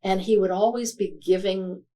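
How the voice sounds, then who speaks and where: A woman answering interview questions as a guest author. She speaks in a thoughtful, halting way, pausing often with fillers. Her voice sits at a middle pitch. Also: fairly even intonation, mellow.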